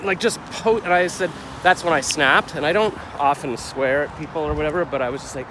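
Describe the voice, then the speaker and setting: A man's voice: fairly high pitch, a little fast, hardly any pauses. Rambling middle-aged man, street noise behind. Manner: rambling, self-questioning, gets heated retelling the clash. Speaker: vlogger. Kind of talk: casual confessional vlog.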